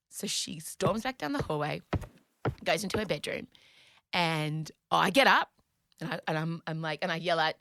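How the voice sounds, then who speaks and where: A woman, hosting a podcast and retelling a story in an animated, dramatic way with some swearing. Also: fairly low pitch, measured pace, vocal fry, no room sound, clean studio sound. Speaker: podcast host. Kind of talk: comedic storytelling.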